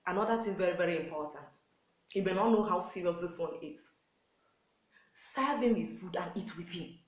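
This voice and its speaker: With a Nigerian accent and a lowish voice at normal speed, a woman who is a pastor's wife preaches earnest marriage advice to wives. Her exhortation is repetitive, stressing key points and acting out quotes, on a rough, reverberant recording.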